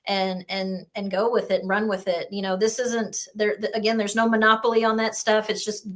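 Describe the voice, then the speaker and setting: A woman's voice: mid-range voice, flat delivery, brisk, a bit bright. Encouraging woman podcast guest. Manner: encouraging, conversational with fillers. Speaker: guest, nonprofit co-founder. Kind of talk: casual interview chat.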